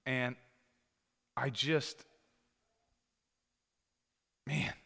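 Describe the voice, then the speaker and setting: Bright-voiced male pastor in a reverberant hall. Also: mid-range voice, little pitch movement, drawn-out words, husky. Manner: conversational, rising to loud emphatic scripture reading. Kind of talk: sermon. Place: church sanctuary.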